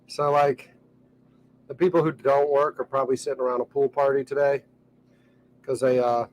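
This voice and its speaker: A man, chatting casually in a relaxed, rambling way with lots of fillers, recorded on a boat outdoors. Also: medium pitch, normal speed, lo-fi sound, a little hiss or hum. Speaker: vlogger. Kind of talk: casual vlog talk.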